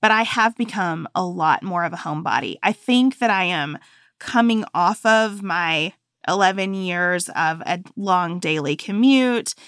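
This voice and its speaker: A woman's voice: lowish voice, expressive, a little slow, fairly bright tone, smooth, no room sound, studio quality. A woman co-hosting a podcast, chatting casually and telling stories in a conversational way. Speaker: podcast co-host. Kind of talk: casual chat.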